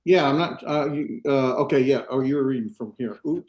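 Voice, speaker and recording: Male instructor, mellow tone, relaxed lecture delivery full of fillers and restarts. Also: mid-range voice. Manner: unhurried, many fillers and restarts, explains step by step. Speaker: Hebrew instructor. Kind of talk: classroom lecture. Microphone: video call.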